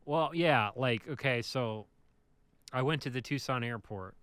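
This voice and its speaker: A man co-hosting a podcast, telling a casual, animated anecdote about his driving job. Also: medium pitch, measured pace, smooth. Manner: animated anecdote teller, acts out the people in his stories. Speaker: podcast co-host, bus driver. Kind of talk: casual storytelling chat.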